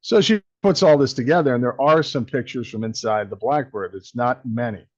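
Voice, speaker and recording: A man's voice: medium pitch, fairly quick, no echo, highs cut off. A man hosting a casual interview, easygoing, explaining a picture he found online. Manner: easygoing, reacts with short affirmations. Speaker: host.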